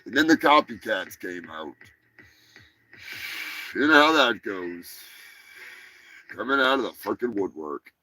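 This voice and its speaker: A man's voice: fairly low pitch, sing-song, unhurried, long pauses, pushed and bright, no room sound, faint music behind. A man hosting a comedy news show, rambling through crude jokes and profane asides. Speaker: host. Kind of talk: casual comedy chat.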